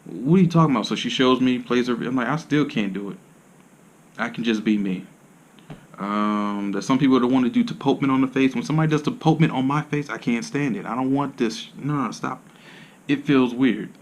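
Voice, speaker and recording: A man who works as a massage therapist, rambling to camera in casual monologue with blunt, profane slang and sudden jumps in loudness. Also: mid-range voice, fairly even intonation, fairly quick.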